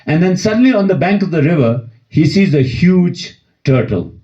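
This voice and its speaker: A man's voice: high voice, animated, moderate pace, mellow. A man giving a Dharma talk as a teacher, telling a story in a conversational way that repeats phrases and checks in with listeners. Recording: dull lo-fi recording.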